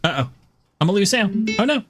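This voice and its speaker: A man's voice: high voice, big pitch swings, fast talker. A man streaming and chatting casually, joking and laughing often. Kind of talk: casual chat.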